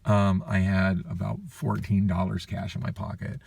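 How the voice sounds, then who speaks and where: Fed-up guy ranting on his phone vlog, raspy and a little far from the mic. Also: deep voice, little pitch movement, normal speed, a little mellow. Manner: frustrated, profane, weary venting. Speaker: vlogger. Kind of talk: rambling personal vlog story.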